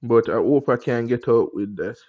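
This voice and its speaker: A man's voice: mid-range voice, normal speed, husky, no room sound, dull audio. A man with a Jamaican accent, hosting a live stream and chatting casually with viewers, rambling into encouraging life advice. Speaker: livestream host.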